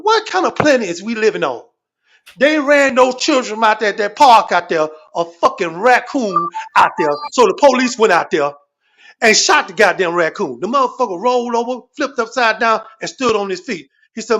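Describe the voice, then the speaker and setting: A man telling stories in a fired-up, profane rant on a livestream, swearing constantly and exaggerating for laughs. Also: high voice. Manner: animated, repetitive, swearing constantly, comic exaggeration.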